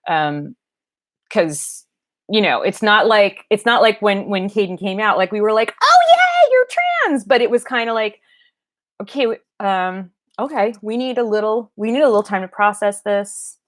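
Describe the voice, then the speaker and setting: Halting, rambling middle-aged woman on a livestream. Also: mid-range voice. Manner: rambling, halting, with many fillers and restarts. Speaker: doll vlogger and parent. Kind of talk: casual livestream chat. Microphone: livestream webcam mic.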